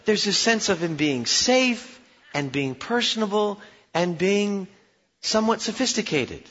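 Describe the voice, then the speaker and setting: Joking, bright-voiced male pastor preaching. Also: high-pitched, lively intonation, a little slow, long reverb tail, dull audio, a little hiss or hum. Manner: conversational, humorous, asks the audience questions; restarts and repeats words. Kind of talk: sermon. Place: church.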